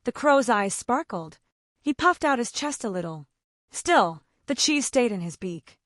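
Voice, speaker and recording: A woman storyteller narrating a children's fable with a scripted, gently dramatic reading. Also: a little high, very animated, unhurried, dry recording, clean studio sound.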